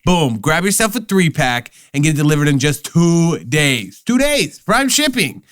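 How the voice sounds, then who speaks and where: A man reads an ad on a podcast in a loose, playful way and breaks off into jokey asides. His voice is smooth and fairly high for a man. The sound is dry and close. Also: big pitch swings, moderate pace, fairly bright tone, no echo. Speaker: podcast co-host reading ads. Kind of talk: casual podcast ad read.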